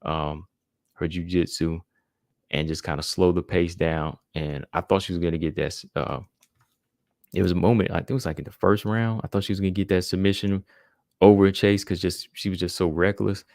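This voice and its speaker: A man with a low, gravelly voice talks through fight results in a loose, easygoing way, leaning on "man" and "you know" as he goes. The sound is close and dry, with no room around it. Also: steady tone, fairly quick, darkish tone, dry recording. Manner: laid-back, fills with "man" and "you know". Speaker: podcast host. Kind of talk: casual fight-recap commentary.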